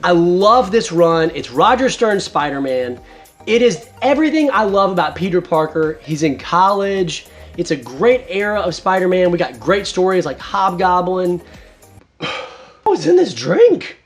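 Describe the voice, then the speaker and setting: A man's voice: high voice, normal speed, soft background music. A man in his thirties hosting a casual video review, talking enthusiastically. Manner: enthusiastic, animated. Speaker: host.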